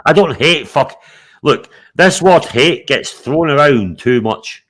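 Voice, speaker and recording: A man hosting a casual live stream, blunt and animated, swearing constantly while telling stories. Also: a little high, slow pace. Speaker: show host.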